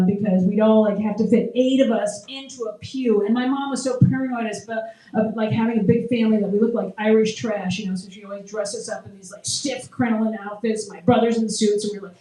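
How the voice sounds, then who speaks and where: At an open mic, a middle-aged woman does a stand-up set in a conversational, self-deprecating style, laughing at her own material. Her fairly high, dark-toned voice keeps fairly even intonation at a fairly quick pace, picked up by a far-off mic in an echoey room.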